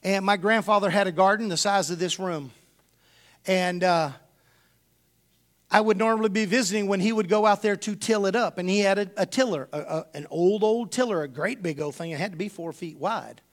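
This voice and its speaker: A man's voice: high-pitched, normal speed. A man from Texas, preaching a sermon full of folksy personal stories and calling his congregation y'all.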